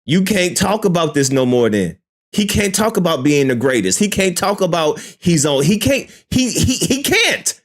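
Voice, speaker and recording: A man's voice: sits high, big pitch swings, normal speed. Exasperated man reacting on a live stream. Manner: profane, exasperated, repeats himself, swings from shouting to muttering.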